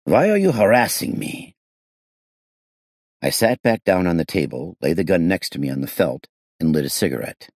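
A man reading a detective novel aloud as an audiobook narrator, shifting his pitch to voice the characters. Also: lively intonation, fairly quick, a little mellow, dry recording, studio quality.

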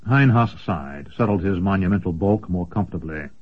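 A man narrating a fantasy audiobook in a measured storytelling voice. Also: deep voice, expressive, husky. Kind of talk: scripted narration. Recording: dull lo-fi recording.

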